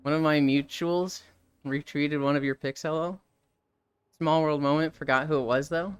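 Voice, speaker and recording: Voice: medium pitch, steady tone, moderate pace, smooth. A livestreamer in casual chat with viewers, who tells stories animatedly, acts out what friends said, swears and laughs often.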